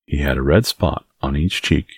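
A man narrating a classic children's novel as an audiobook, in a measured storytelling manner. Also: rumbling low, slightly rough, no echo, clean studio sound. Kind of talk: scripted narration.

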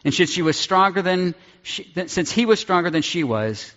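A man preaching a sermon and reading scripture aloud, earnest and deliberate, dropping low on key words. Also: animated, bright, forceful tone. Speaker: pastor. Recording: dull sound in a large reverberant hall.

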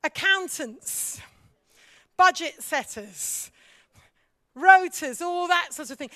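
High-voiced woman teaching in church. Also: measured pace, no room sound, clean studio sound. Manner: animated, questions the audience, acts out voices. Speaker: church leader teaching on leadership.

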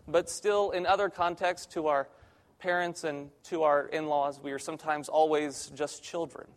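A young man, a church intern, preaching a conversational sermon with self-deprecating humor in a church sanctuary. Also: a little high. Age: young adult.

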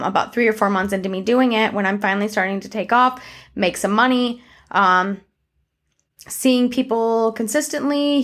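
A woman's voice: medium pitch, a bit bright. A young woman telling a candid personal life update to her camera in a casual, conversational way, full of fillers and the odd swear word. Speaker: vlogger.

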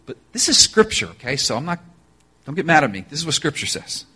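A man preaching a sermon, telling a story with animated energy, joking asides, and direct appeals to his listeners. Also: fairly high pitch, fast, slightly rough. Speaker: pastor.

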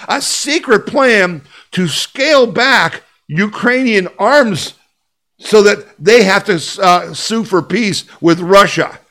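A man's voice: sits high, fairly bright tone. A man hosting an opinion podcast, talking emphatically and combatively, repeating his points and asking the listener rhetorical questions. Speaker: podcast host. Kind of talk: opinion commentary.

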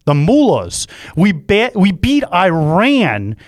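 A man's voice: sits high, huge pitch swings, slow, dry recording, studio quality. A man hosting a podcast in casual chat, rambling and self-mocking as he jokes. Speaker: podcast host.

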